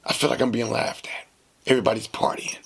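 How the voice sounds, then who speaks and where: A man hosting a podcast, telling a casual story in a slangy, animated way and acting out the dialogue. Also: medium pitch, quick pace, gravelly, husky. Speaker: podcast host.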